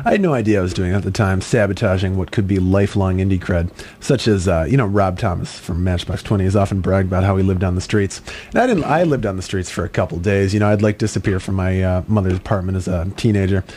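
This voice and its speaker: A man's voice: sits low, fast, hardly any pauses, darkish tone, a little hiss or hum. A man co-hosting a comedy radio show, chatting casually with dry, wordy, rambling humor.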